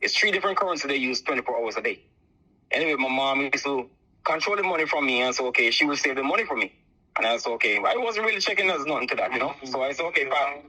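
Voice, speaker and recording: Calling in on a muffled phone line, a Jamaican man tells a long, rambling story about his life, his accent tempered by years away from home. His mid-range voice is expressive, fast and sharp, with a husky quality. The phrase "so forth like that" keeps coming back.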